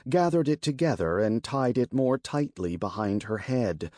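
A male narrator reads a fantasy story in a slow, deliberate way. His pitch moves widely as he reads. The recording is dry and close, with no room sound. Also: dry recording. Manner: slow, deliberate and expressive reading. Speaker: audiobook narrator.

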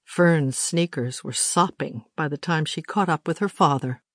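A woman narrating a children's story audiobook in a steady, measured way. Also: sits low, dry recording, studio quality.

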